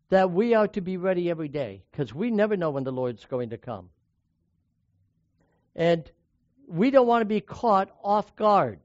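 Emphatic preacher, high-pitched man. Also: a little mellow, no echo. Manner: emphatic, asks the listeners questions, pauses between short phrases. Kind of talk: sermon with scripture reading. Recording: dull lo-fi sound.

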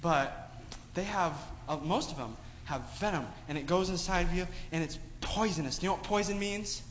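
During a children's sermon, a man with a high voice and moderate pace recounts a moral story in lively fashion, frequently questioning his young listeners. Faint noise, dull sound, and hall reverb mark the recording.

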